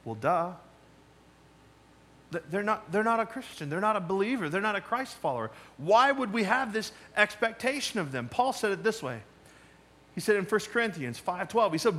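A male pastor preaching a sermon, emphatic, moving between loud challenges and quiet asides. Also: sits high, animated, moderate pace.

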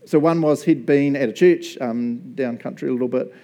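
Nz guy preaching, casual and jokey, mellow voice, mid pitch. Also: moderate pace. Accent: New Zealand. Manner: chatty, jokey, animated storyteller. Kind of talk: casual sermon with storytelling.

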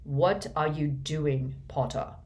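A woman voicing a cold, curt male professor with a sneering, slow delivery. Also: medium pitch, expressive, a little mellow, lightly acted.

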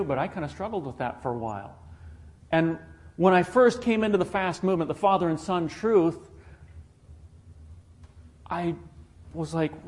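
An earnest man delivers a sermon in a voice that sits a little high for a man. He leans on rhetorical questions and checks in with his listeners. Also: lively intonation, moderate pace, pauses often, a little mellow. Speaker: preacher.

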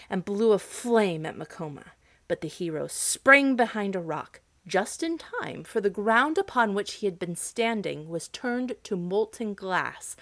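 A woman narrating a folk tale in an expressive storybook style. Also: medium pitch, dry recording. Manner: expressive, dramatic reading.

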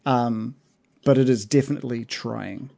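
A man's voice: medium pitch, moderate pace, gravelly, dark tone. A man narrating as game master of a tabletop game, hesitant, with many fillers and restarts.

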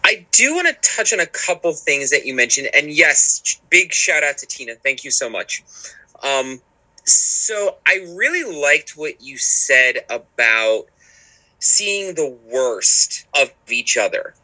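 Bright-toned man podcast co-host. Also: a little high, sing-song, takes it slowly, rough recording. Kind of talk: casual chat.

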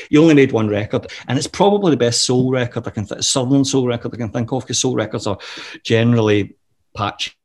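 Profane, animated storyteller man. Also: medium pitch. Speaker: interview guest. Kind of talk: casual storytelling interview.

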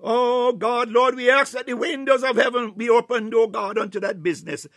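Male prayer leader with a high, dry voice, praying fervently, hushed one moment and near-shouting the next. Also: steady tone, normal speed, dry recording. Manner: repeats "oh God" and "Lord" between phrases, swells from hushed to near-shouting; breaks into tongues. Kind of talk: fervent spontaneous morning prayer.

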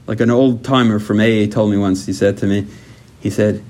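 A man's voice: on the low side, fairly quick. A man leading a recovery workshop, talking animatedly and acting out little dialogues. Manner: animated, acts out dialogues in raised voice.

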